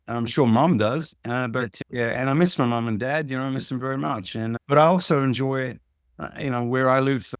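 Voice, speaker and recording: An older man with an Australian accent, speaking in a relaxed, rambling way as an interview guest. His voice sits at a middling pitch, recorded close and dry with no room sound. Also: clear, resonant tone, dry recording. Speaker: musician guest. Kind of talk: casual interview chat.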